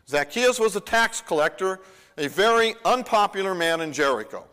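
A man's voice: fairly high pitch, big pitch swings, normal speed, sharp tone, clean tone. A man preaching a sermon in a conversational way, acting out the Bible dialogue as he retells it. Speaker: pastor. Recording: long reverb of a large hall.

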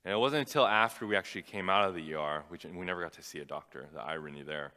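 A young man preaching a sermon, telling a personal story in an animated, fast-rising way when excited. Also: sits low. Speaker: pastor. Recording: long hall reverb.

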